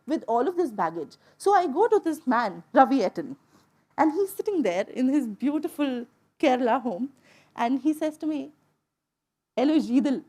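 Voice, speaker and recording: A woman from India telling a personal story to an audience, in an emotional, animated way. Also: high-pitched, normal speed. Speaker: speaker. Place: stage before an audience.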